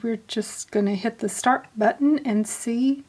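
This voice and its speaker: A woman's voice: on the high side, unhurried, a little mellow. A woman in her fifties hosting a giveaway announcement vlog, gushing and effusive, repeating herself often. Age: 50s. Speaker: beauty vlogger.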